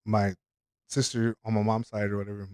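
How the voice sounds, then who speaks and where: A man's voice: lowish voice, flat delivery, fairly quick, clean tone, dry recording. A man from Houston, a podcast guest, tells a story in casual chat, rambling with fillers, restarts and plenty of swearing. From Houston, Texas.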